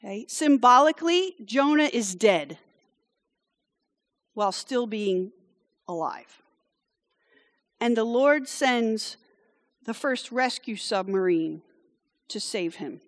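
A woman's voice: a little high, animated, slow, pauses often, big-room sound. A woman who grew up in France preaches a conversational sermon. She tells the story casually, with wry asides and frequent "okay?" check-ins to her listeners.

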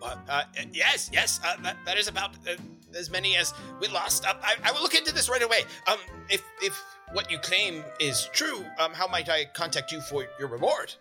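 A man voicing a fussy, excitable male gnome who breeds giant hamsters, with a stammering, high put-on voice. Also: fairly quick, soft background music, heavily acted. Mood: eager. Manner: high-pitched, flustered, stammering.

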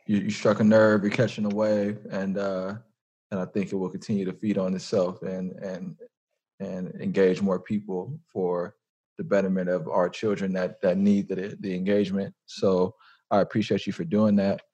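A man's voice: low voice, flat delivery, moderate pace, warm tone, highs cut off. A man hosting a podcast interview, asking questions in a laid-back, chatty way full of "like" and "um". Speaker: podcast host. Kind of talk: casual conversational interview.

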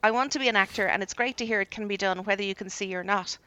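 A woman's voice: medium pitch, rapid-fire, pushed and bright, clean tone, no echo, muffled recording. A woman co-hosting a casual podcast chat, reading listener emails aloud with teasing asides and frequent laughs.

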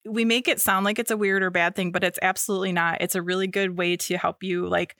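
A young woman chats casually as a podcast co-host, her speech full of fillers and quick restarts. Her voice sits a little low for a woman. The sound is dry and close, with no room echo. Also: level tone, a bit bright. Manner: chatty, lots of fillers and restarts. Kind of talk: casual chat.

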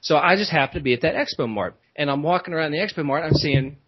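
A man's voice: a little high, fast, husky, no echo, lo-fi sound. A man, a podcast host, telling a long rambling story in casual chat, full of restarts and asides.

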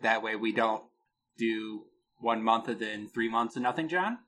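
A man co-hosting a casual podcast, telling a product story with a lot of pitch movement and laughing at his own jokes. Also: measured pace, sharp tone, slight background noise. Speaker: podcast co-host.

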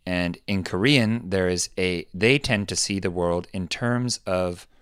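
A man with a low voice leads a casual conversation, explaining ideas step by step. He breaks into bright, exaggerated voices when he quotes someone. The sound is dry and close. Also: a little slow, clear, resonant tone, no echo. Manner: thoughtful, acts out quoted lines with lively pitch jumps. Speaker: podcast host.

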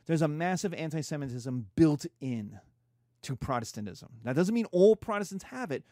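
A man's voice: a little high, lively intonation, normal speed, dark tone, no echo, studio quality. A man giving a casual, irreverent history lecture, acting out quotes in slangy voices.

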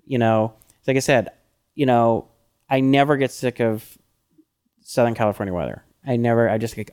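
A middle-aged man co-hosting a podcast, chatting casually with lots of fillers and animated when he quotes himself. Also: mid-range voice, fast, clean tone. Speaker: podcast co-host. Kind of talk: casual chat.

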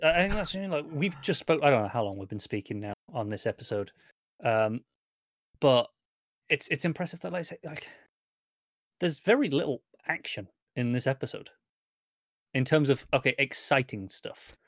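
A man's voice: mid-range voice, lively intonation, normal speed, long pauses, no echo, studio quality. A man co-hosting a podcast, chatting casually about a TV episode with hesitant restarts. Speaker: podcast co-host. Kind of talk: casual TV recap chat.

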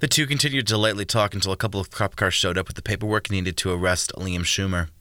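A man narrating a storybook in a steady, even reading. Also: sits low, fast talker, no room sound. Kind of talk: audiobook narration.

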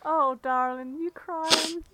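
A woman puts on a honeyed phone-line call girl in a fan fiction reading, pitched a little higher and brighter than her own talk. She coaxes and soothes, piling on pet names. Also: fairly even intonation, slow pace, background noise. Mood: soothing.

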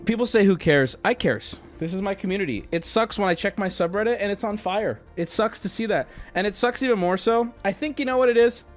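A man hosting a livestream, talking straight to his chat in a casual, animated way and swearing freely. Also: high-pitched, fairly quick, hardly any pauses, faint music behind. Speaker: livestream host.

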